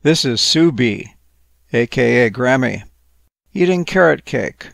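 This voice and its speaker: Man, storyteller, gravelly, playful, whimsical, close and dry. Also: medium pitch, expressive, takes it slowly, a bit bright, dry recording. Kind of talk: bedtime story narration.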